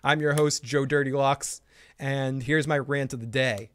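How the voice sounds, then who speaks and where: A man doing a loud, furious ranting streamer. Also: medium pitch, fairly even intonation, unhurried, natural voice. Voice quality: loud, swearing, mock-furious. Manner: ranting, exaggerated outrage. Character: angry, foul-mouthed male streamer friend ranting.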